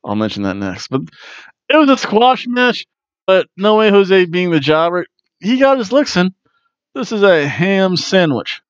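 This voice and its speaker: A man's voice: high-pitched, big pitch swings, measured pace, smooth, no room sound, highs cut off. Man rambling through a wrestling recap. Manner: rambling and jokey, with many fillers and restarts. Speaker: podcast host reviewing wrestling. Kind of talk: casual wrestling review monologue.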